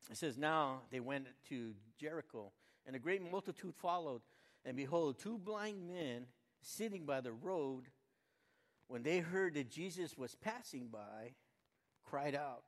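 An older man reading a Bible passage aloud, then musing on it in a folksy, conversational way, rising to loud fervent cries and dropping to quiet asides. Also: a little high, animated, measured pace. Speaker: Bible reader and preacher. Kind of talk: informal devotional Bible reading and reflection. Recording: long hall reverb.

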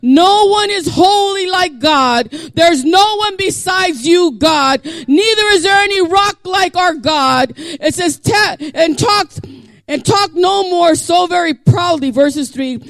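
Very high-voiced impassioned male preacher. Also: takes it slowly, no echo. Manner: impassioned, builds to shouting. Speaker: pastor. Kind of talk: sermon with scripture reading.

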